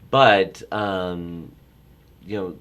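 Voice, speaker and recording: A middle-aged man with a low, deep voice talks casually about his travel work. He rambles, interrupts himself, and turns animated when he gets excited. A faint hum of noise sits behind him. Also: very slow. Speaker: travel industry guest. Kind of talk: casual chat.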